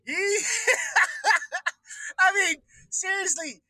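A man with a very high, piercing voice rants on his own livestream, swearing freely and laughing between his jabs. The sound is close and completely dry, with no room around it. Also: animated, moderate pace, bright, forceful tone, dry recording, poor audio. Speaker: livestream host. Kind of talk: profane political rant.

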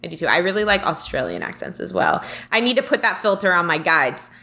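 Young woman podcast co-host, bright and animated, reads listener comments. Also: on the low side, fast. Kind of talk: casual spiritual chat.

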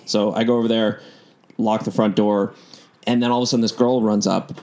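A man's voice: fairly low pitch, fairly even intonation, fairly quick, darkish tone. A young man telling a story in casual chat, with lots of fillers, acting out the voices of people in it. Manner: rambling storyteller, many fillers, acts out quotes. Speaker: podcast host and DJ.

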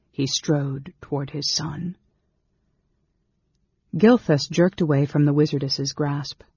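A man reading a fantasy novel aloud as audiobook narrator, in a steady, measured way. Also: fairly high pitch, slightly rough, dry recording. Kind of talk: scripted narration. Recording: dull lo-fi recording.

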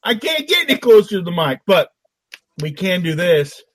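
A man's voice: high-pitched, sing-song, normal speed, noisy background. A man who is a guest on a live talk show, chatting playfully and showing off silly tricks. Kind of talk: casual joking chat.

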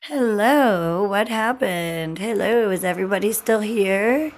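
A young woman hosting a casual livestream from home, greeting viewers by name with slow, drawn-out, giggly chatter into her phone. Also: mid-range voice, slight background noise. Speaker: livestream host.

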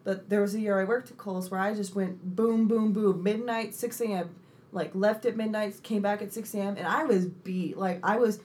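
A young woman co-hosting a casual chat, telling animated stories, swearing freely and acting out the people she quotes. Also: medium pitch, normal speed. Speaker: podcast co-host.

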